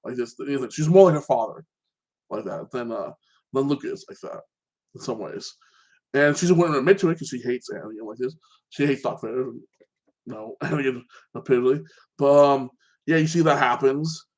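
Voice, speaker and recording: Male host, casual recap talk, rambling and opinionated, heavy filler, mid-pitched voice. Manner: rambling, fills with "like that" and restarts; opinionated, ranting about plot holes.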